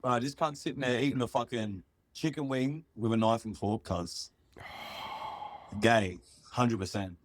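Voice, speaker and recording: A man's voice: medium pitch, fairly even intonation, a little slow. A man calling in to tell a story, laid-back and sweary, full of slang. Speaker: caller.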